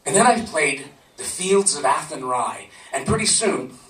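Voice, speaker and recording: Speaking a little slowly, a man with a slightly high, fairly bright voice and lively intonation tells a live audience a personal story, chatting and laughing. The event venue recording comes from a distant camcorder and sounds roomy and far off.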